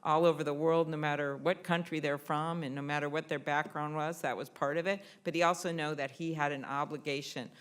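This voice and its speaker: A woman's voice: low-pitched, steady tone, fairly quick, few pauses, smooth. Middle-aged woman senator giving a tribute speech, lots of ums, storytelling. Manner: warm anecdotal storytelling, frequent ums. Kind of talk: tribute speech at an award event. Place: event hall on Capitol Hill.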